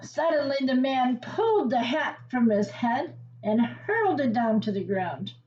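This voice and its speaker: Woman reading a picture book to kids, slow and gently teacherly, slightly high voice; slightly muffled recording. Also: very animated. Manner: gentle teacherly asides and questions to the listener. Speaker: children's story reader.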